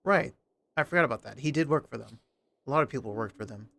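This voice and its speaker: A man's voice: medium pitch, lively intonation, fast, gravelly, fairly bright tone, a little hiss or hum. A man streaming a game, reading its narration aloud and chatting casually into a desk mic on an arm. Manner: casual, reads narration aloud, talks to himself. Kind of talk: let's play commentary and reading game text.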